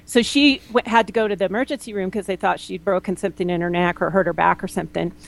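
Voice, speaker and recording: A woman naturopath being interviewed, talking bluntly and telling lively stories, often acting out what people said. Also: on the low side, fast, gravelly, rough recording. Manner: blunt, animated storyteller, quotes people in lively voices. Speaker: naturopath guest. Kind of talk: candid interview conversation.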